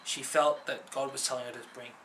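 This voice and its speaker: Earnest bright-voiced young man telling his story. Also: medium pitch, flat delivery, a little fast, slight background noise, low-quality recording. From Filipino family background. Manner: earnest, conversational, many fillers and tag questions. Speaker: vlogger. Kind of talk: personal testimony to camera.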